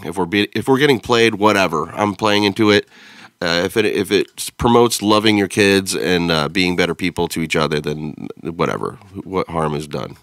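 A man's voice: low voice, fairly bright tone, no echo, clean studio sound. An American man hosting a podcast, reacting to a video in blunt, profane, joking casual chat. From United States. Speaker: podcast host.

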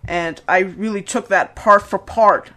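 A man's voice: high-pitched, fairly even intonation, measured pace, sharp tone. A young man gives casual, rambling commentary on his own videos, full of fillers and restarts. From Denmark.

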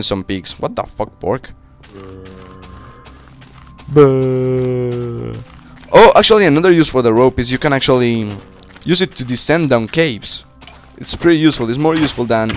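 A man casually commentating his game, excitable and swearing, yelling at monsters, slightly sick with a cracking voice. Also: mid-range voice. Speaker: gaming channel host. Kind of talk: casual Minecraft let's-play commentary.

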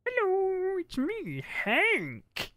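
A woman voicing a sweet, dopey young male snake with a slow, sing-song way of talking. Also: very high-pitched, wildly swooping pitch, a bit bright, dry recording, studio quality, pitched above the performer's own voice, exaggerated voice.

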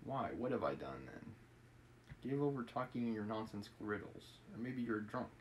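Guy reading a pompous stuffy official, kinda low voice, self-righteous. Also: lively intonation, normal speed, slight background noise, rough recording. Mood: indignant. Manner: pompous, indignant. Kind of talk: reading a novel aloud on a live stream.

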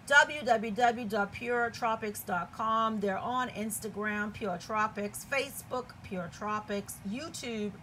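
A woman's voice: fairly high pitch, fairly bright tone, a little hiss or hum. A woman from the Caribbean giving a chatty, enthusiastic unboxing review, often checking in with "okay?". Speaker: product reviewer.

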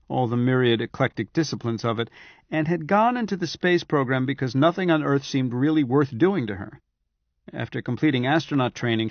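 A man narrating an audiobook in a steady, even-handed reading voice. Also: mid-range voice, no echo. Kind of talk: scripted narration. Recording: dry, slightly dull audiobook recording.

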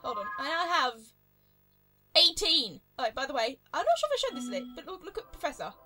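Young british woman rambling over a game, high bright voice, light music behind. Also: brisk. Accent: exaggerated British. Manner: chatty, excitable, rambling. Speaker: let's play host. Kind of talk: gameplay commentary.

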